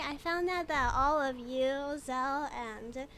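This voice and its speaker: A woman's voice: sits high, slow, fairly bright tone, slight background noise. Giggly woman streaming a game. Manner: chatty, giggly, reads game text aloud. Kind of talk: casual gameplay commentary.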